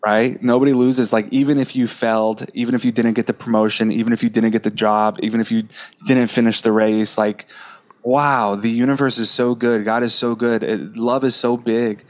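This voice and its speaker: A man's voice: mid-range voice, little pitch movement, moderate pace. A man speaking as a podcast guest, passionate and spiritual, stressing his points through repetition. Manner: impassioned, spiritual, repetitive emphasis. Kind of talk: casual conversational interview.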